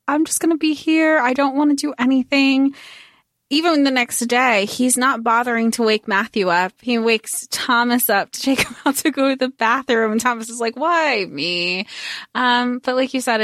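A woman's voice: a little high, a bit bright, no room sound, clean studio sound. A woman co-hosting a podcast, chatting casually about a book and quoting characters with a laugh. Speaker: podcast co-host.

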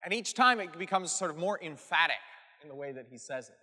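This Catholic preacher's voice is a little high, bright, and forceful, with lively intonation and a slightly fast pace. He teaches scripture with earnest emphasis and keeps checking in with his audience, his words ringing through an echoey hall with long reverb.

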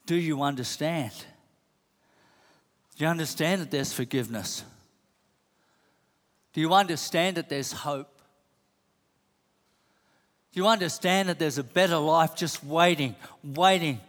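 A man's voice: on the high side, a little slow, pauses often, a bit bright. A man preaching a sermon, pressing the same questions again and again with emphasis. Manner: emphatic, repeats rhetorical questions. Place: church hall. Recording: long hall reverb.

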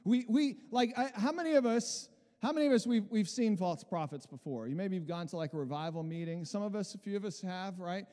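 A man's voice: high voice, a little fast, a little mellow, big-room sound. A man preaching a casual, conversational sermon, full of restarts and asides to the congregation. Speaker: pastor.

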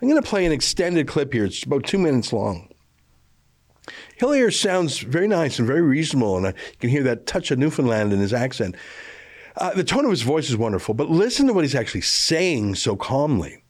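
Scornful, animated male commentary host. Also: mid-range voice, brisk. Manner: scornful, emphatic. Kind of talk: scripted political commentary.

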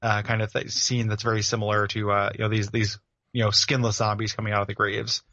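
A man's voice: fairly low pitch, little pitch movement, brisk, bright, forceful tone, no echo, muffled recording. A man co-hosting a podcast, chatting casually about a video game with lots of filler words. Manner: rambling, full of filler words. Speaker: podcast co-host.

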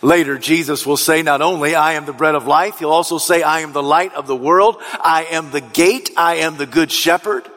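An emphatic male pastor preaching in a church sanctuary, his voice a touch higher than most men's. He drives his key phrases home and at times rises to a shout, and a long reverb trails every line. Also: normal speed, hardly any pauses. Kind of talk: sermon.

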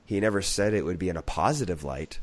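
Very deep-voiced man, a bit sick. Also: fast, no room sound. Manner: animated storyteller who laughs at himself. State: sick with flu or cold. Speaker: podcast co-host. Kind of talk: casual chat.

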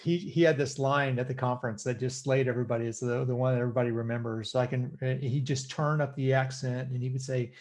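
A man's voice: mid-range voice, fairly quick. A man co-hosting a podcast who tells a story in a rambling way, full of "um"s and restarts. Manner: rambling, many "um"s, animated.

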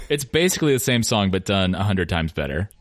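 A man's voice: sits low, sing-song, a little fast. A man co-hosting a casual, comedic music chat, joking and laughing often. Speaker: podcast co-host.

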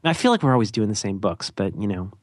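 Male podcast co-host, chatty and rambling, jokey and self-mocking; animated delivery. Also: fairly low pitch, fast, dry recording, studio quality. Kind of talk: casual podcast chat.

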